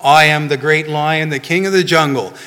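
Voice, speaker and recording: A swaggering lion who loudly declares himself king of the jungle, as a preacher puts him on. The voice is bright, and it rings out through a reverberant hall. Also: a little high, fairly even intonation, normal speed. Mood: boastful. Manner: loud, boastful proclamations. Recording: echoey hall.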